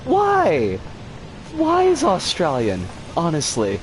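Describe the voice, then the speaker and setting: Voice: medium pitch, wildly swooping pitch, measured pace. A streamer giving live gameplay commentary, swearing in exasperated outbursts. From United States. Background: game music.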